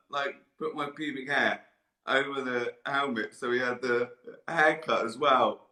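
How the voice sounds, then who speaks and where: A man riffing through a rambling comic monologue, breaking into giggles and swearing between deadpan asides. His voice is bright and forceful, and he sounds hot and tired. The room around him rings with echo. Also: medium pitch, measured pace. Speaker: comedian hosting a live stream. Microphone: live-stream camera mic. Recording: roomy echo.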